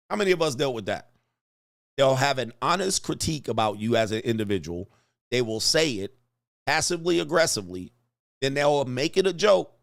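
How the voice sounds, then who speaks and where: Guy ranting and storytelling, cussing a lot, laughs a bunch, mid-pitched, dry close sound. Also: no room sound. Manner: animated, profane, laughs often, acts out quotes. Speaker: commentary streamer. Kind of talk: casual storytelling commentary.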